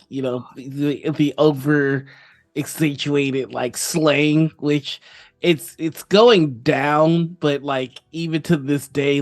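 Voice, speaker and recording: Slow, halting man co-host. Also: medium pitch. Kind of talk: casual chat.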